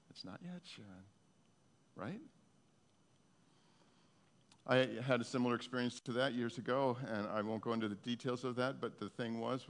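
A man's voice: mid-range voice, creaky. Earnest male preacher in reverberant hall. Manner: earnest, heartfelt storytelling. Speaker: pastor. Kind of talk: sermon.

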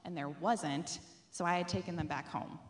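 A woman's voice: on the low side, steady tone, moderate pace, reverberant, slight background noise. A young woman sharing a reflective church testimony in an earnest way.

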